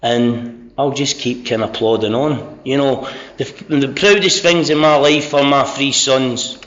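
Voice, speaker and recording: A man's voice: mid-range voice, a little slow, a bit bright. A middle-aged Scottish man with a Scottish accent giving a candid, sweary, self-mocking personal share about recovery at a convention. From Scotland. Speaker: speaker sharing recovery story at a convention. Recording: dull lo-fi convention recording.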